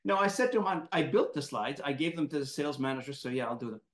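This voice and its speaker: A man hosting an interview, telling a personal story in a lively, animated way and acting out quotes. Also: medium pitch, fast talker, echoey room. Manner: animated, laughing storyteller who acts out quotes. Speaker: podcast host, moderator. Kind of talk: casual storytelling in conversation.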